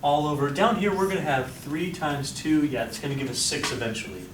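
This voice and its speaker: A man's voice: fairly high pitch, fairly quick. Upbeat male lecturer quizzing his class. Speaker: statistics lecturer. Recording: echoey room, distant mic, background noise.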